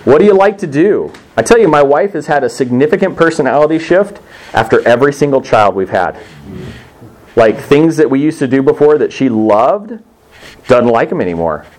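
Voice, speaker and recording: A man's voice: mid-range voice, big pitch swings, normal speed, darkish tone. A middle-aged man from Texas preaching a sermon in a conversational, storytelling way, acting out the voices he quotes.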